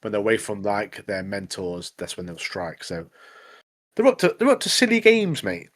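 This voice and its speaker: A man co-hosting a podcast in casual chat, relaxed and joking, often trailing off mid-sentence. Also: fairly low pitch, moderate pace. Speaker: podcast co-host.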